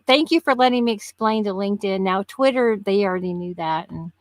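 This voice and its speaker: A woman in her fifties, a podcast guest in casual chat, telling stories in an animated way and laughing often. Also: medium pitch, fairly quick, no echo. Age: 50s.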